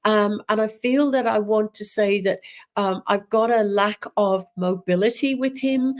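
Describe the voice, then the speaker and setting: A woman giving a live psychic reading, talking gently and haltingly with many ums and restarts. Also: medium pitch. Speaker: psychic medium. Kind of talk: live spiritual reading, unscripted.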